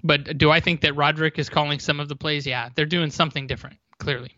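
Very bright man on a dull, dry mic. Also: fairly high pitch, flat delivery, quick pace, no room sound. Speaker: podcast co-host. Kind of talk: casual sports chat.

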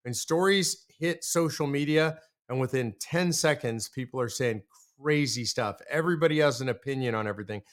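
A man's voice: medium pitch, moderate pace. A man from the United States hosting a political commentary monologue, talking earnestly and directly and repeating his points for emphasis. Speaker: show host.

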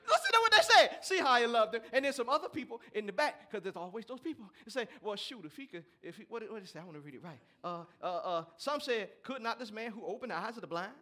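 Male pastor, high bright tone, animated sermon delivery with congregation asides. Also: fast, few pauses.

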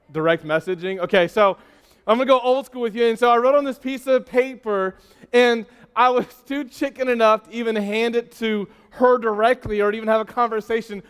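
A man with a high, smooth, clear voice preaches to a youth group in a long-echoing church hall. He tells stories with self-teasing asides and often trips over and repeats his words. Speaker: youth pastor.

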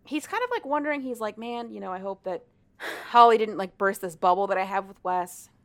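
Young woman co-host, lively storyteller, swaps into character voices, casual chat. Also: mid-range voice, brisk. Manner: animated, acts out characters' lines with swearing and laughter. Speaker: podcast co-host.

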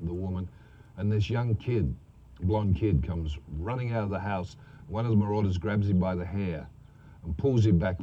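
A man's voice: low voice, highs cut off, a little hiss or hum. A man telling profane, laughing anecdotes about his acting days in a casual interview. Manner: profane, laughing, animated storyteller.

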